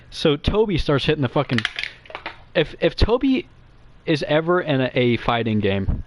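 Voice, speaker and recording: Giggling through crude, nervous rambling, a young man appears as a guest alongside streamers in comedic chat. He talks fast and quietly in a fairly high voice with big pitch swings, over slight background noise.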